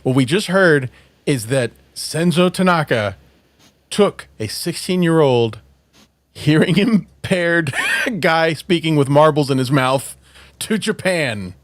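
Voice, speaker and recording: A man hosting a casual podcast, talking slowly but with a lively, swooping voice. He laughs a lot and swears freely. The sound is dry and close. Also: on the high side, no echo. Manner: animated, laughing, swearing, apologetic asides. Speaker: podcast host.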